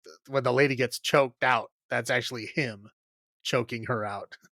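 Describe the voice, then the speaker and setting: A man's voice: medium pitch, fairly even intonation, normal speed, sharp tone, dry recording, clean studio sound. A man hosting a podcast, recapping a film in a casual, rambling way full of fillers and frequent laughs. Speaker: podcast host.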